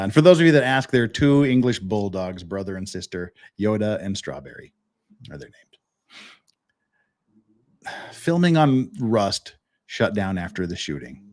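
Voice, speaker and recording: A man's voice: mid-range voice, darkish tone. A man hosting a live-stream legal commentary show, ranting in a profane, sarcastic and exasperated way.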